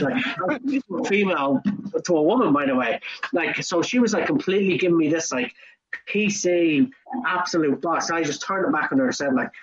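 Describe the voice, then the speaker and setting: A young Irish man on a casual podcast, telling a work story in an animated way and acting out both sides in quoted voices. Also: on the high side, normal speed, breathy edge, lo-fi sound. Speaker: podcast co-host. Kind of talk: casual chat.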